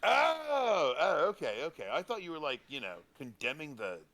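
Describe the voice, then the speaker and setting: A man's voice: a little high, sing-song, normal speed, a loud crowd. A man playing a laid-back talk show co-host in a role-play game, casually chatting and tagging his lines with easygoing slang. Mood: laid-back banter.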